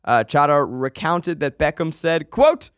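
A man co-hosting a podcast in casual chat, animated and emphatic, swearing freely. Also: on the high side, measured pace, smooth, dry recording, clean studio sound. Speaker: podcast co-host.

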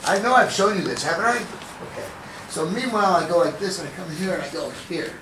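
A man's voice: high voice, lively intonation, fairly quick. A man teaching a jiu-jitsu seminar in a loose, profane, casual way, acting out moves and sound effects as he goes. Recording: echoey room from far off, with noise.

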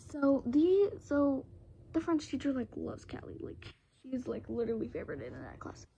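A woman's voice: high voice, sing-song, moderate pace, creaky, dark tone, dull audio, slight background noise. A teenage girl, rambling through a casual storytime vlog with lots of fillers and restarts, close to a phone camera.

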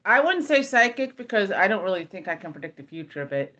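A woman's voice: medium pitch, very animated, a little fast, a bit bright, highs cut off. Rambling woman telling a story. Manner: rambling, stumbling over words, swears freely. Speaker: ASMR creator. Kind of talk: casual storytelling.

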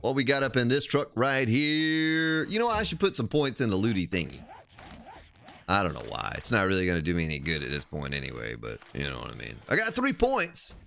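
A man's voice: fairly low pitch, wildly swooping pitch, brisk, gravelly, sharp tone, a little hiss or hum. A man streaming a survival game live, chatting casually and playfully joking with his chat while he plays.

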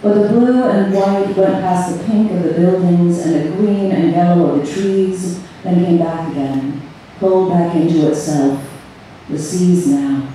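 A woman reading her own story aloud to a live audience, measured and unhurried. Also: on the low side, fairly even intonation, warm tone, slight background noise. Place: event room on a cruise ship. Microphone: far audience camera. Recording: echoey hall recorded from far off.

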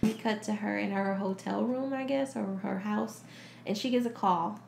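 Animated, laughing woman recapping a movie. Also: medium pitch, normal speed, gravelly, reverberant, background noise. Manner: animated storytelling, laughs often, acts out characters. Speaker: podcast co-host. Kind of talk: casual movie recap chat.

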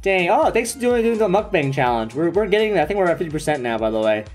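A young man live-streaming a card pack opening, chatting excitedly with viewers and swearing casually. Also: high voice, faint music behind. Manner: excitable, swearing, quick asides to chat. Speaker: streamer opening trading cards.

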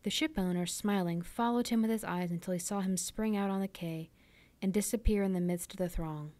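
Soft-voiced woman reading a novel aloud. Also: medium pitch, fairly quick. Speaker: library storytime reader.

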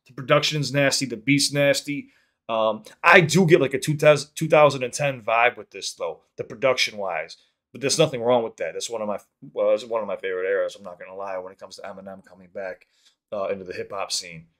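A man hosting a music reaction video, talking casually in an excitable, rambling way and swearing freely. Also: lowish voice, a little fast.

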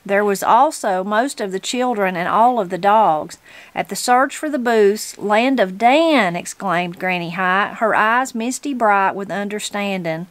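A woman from Southern Appalachia reading a novel aloud in an unhurried way, gently voicing the characters. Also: mid-range voice, no room sound. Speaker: reader of a book.

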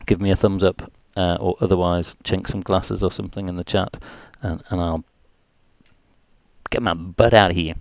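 A man with a low, gravelly, slightly mellow voice and a mild Geordie accent from North East England hosts a live music stream, speaking at a moderate pace in a steady tone. He fills time with jokey, chatty, self-deprecating rambling. There's no room sound.

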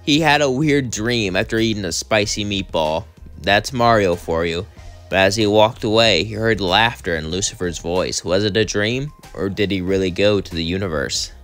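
A man's voice: lowish voice, normal speed, a bit bright, faint music behind. A young man telling a fan story in a casual storytelling style and chatting rambling and giggly to his viewers. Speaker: channel host.

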